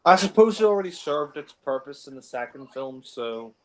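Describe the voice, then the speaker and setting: A man giving a relaxed, offhand fan film commentary, often trailing off with filler phrases. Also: on the high side, normal speed, poor audio. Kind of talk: casual film commentary chat.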